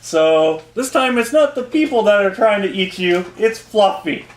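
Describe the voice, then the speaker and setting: A man's voice: high voice, animated, moderate pace. A man co-hosting a podcast, chatting casually about comics in an easygoing way and chuckling often. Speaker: podcast co-host. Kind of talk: casual comic review chat. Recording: roomy echo.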